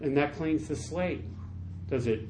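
Enthusiastic male preacher, fairly high voice. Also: a little slow, noisy background. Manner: enthusiastic and emphatic, with repetitions. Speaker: pastor. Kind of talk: sermon.

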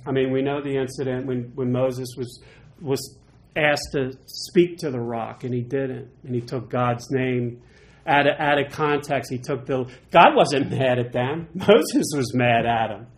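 A man teaching through Bible passages in a chatty, animated way, with quick asides. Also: medium pitch.

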